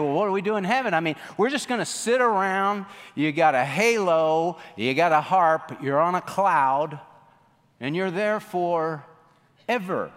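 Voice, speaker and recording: A man's voice: fairly high pitch, big-room sound. A man preaching a sermon, quoting scripture emphatically and asking the congregation rhetorical questions.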